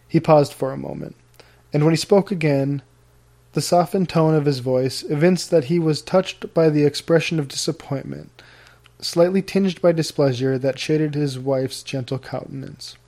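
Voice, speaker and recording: A man narrating period fiction as an audiobook, in a measured, formal storytelling manner. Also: on the high side, darkish tone.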